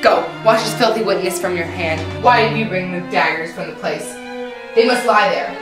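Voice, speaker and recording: A woman's voice: lowish voice, moderate pace, close to an everyday voice. A woman playing a scheming, commanding noblewoman, urging firmly in stage verse. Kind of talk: stage acting of verse drama. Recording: echoey room, voice far from mic, faint music.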